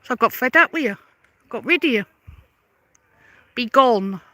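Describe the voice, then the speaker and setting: Sharp, combative woman ranting. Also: high voice, lively intonation, quick pace, dry recording. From London. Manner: confrontational, sarcastic, repeats pointed questions. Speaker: vlogger. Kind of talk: angry rebuttal rant to camera.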